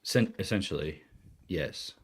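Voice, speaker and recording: A man's voice: low voice, unhurried, slightly rough. A man co-hosting a podcast, explaining in loose casual chat with many fillers. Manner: rambling, filler-heavy explaining. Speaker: podcast co-host.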